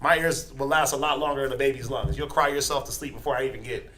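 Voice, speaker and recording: A man's voice: medium pitch, fairly even intonation, fast talker, pushed and bright. A man with an American accent teaching a class in a casual, joking way, often acting out voices in quoted asides. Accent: American English.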